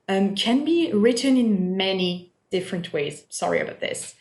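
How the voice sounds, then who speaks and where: This French teacher, recorded in an echoey room, patiently drills pronunciation, repeating sounds and often asking the listener "all right?". She has a medium-pitched, expressive, darkish voice and speaks at normal speed with hardly any pauses.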